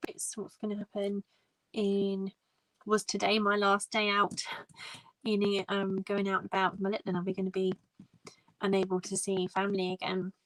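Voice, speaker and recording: A woman's voice: medium pitch, completely flat delivery, normal speed, fairly bright tone, dry recording, rough recording. Chatty woman with a dry sound. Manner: chatty storytelling with frequent restarts and quoted dialogue. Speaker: live stream host. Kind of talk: casual chat.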